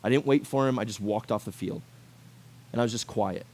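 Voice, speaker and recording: A man in his twenties giving a sermon to a youth group, talking in a casual and animated way and acting out quotes. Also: lowish voice, a little fast. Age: 20s. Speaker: youth pastor.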